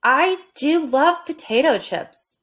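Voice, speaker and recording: An eager, literal-minded young housekeeper, as a woman reads her aloud in a storybook. She talks in a high, earnest voice that climbs and dips widely, full of wide-eyed questions. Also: animated, slow, fairly bright tone, heavily acted. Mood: eager, puzzled.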